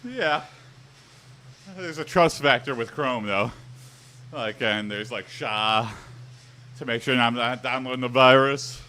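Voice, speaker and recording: A man's voice: mid-range voice, slow, long pauses, sharp tone. A young man from Southeast Michigan chatting casually on a live stream, reacting to chat with rambling, jokey asides.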